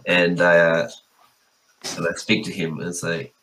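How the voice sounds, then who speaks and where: A man's voice: deep voice, little pitch movement, measured pace, pushed and bright, a little hiss or hum, poor audio. A man playing a tabletop game, talking in a hesitant, playful way with many fillers. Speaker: player.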